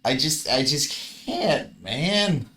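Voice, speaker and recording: A man's voice: a little high, very animated, extremely slow, bright, forceful tone. A man casually commentating his own card game match, grumbling and swearing at his bad luck.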